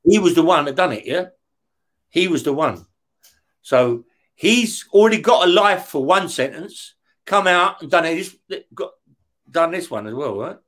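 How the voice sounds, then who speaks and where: Middle-aged man, high and light voice, interview guest, swears constantly and acts out the other voices in his tales. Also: animated, a little slow, a bit bright. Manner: heavy swearing, acts out the dialogue in his stories. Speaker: guest, former career criminal. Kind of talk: casual storytelling in an interview.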